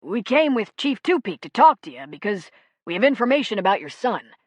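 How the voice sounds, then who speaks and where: A woman reading aloud, voicing a kindly male nurse who speaks politely and gently reassures. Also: mid-range voice, very animated, fairly quick, no room sound, pitched above the performer's own voice. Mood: reassuring.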